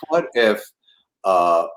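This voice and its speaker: His words drawn out and his voice low-pitched, the older New Jersey comedy writer recounts stories in easygoing talk. He brings quoted people to life by acting out their voices, with plenty of chuckling.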